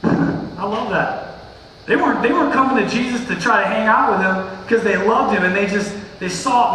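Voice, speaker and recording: A man preaching a casual sermon as pastor, retelling a passage in slangy, animated everyday talk. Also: high voice, moderate pace, slight background noise. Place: church sanctuary. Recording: echoey hall, distant mic.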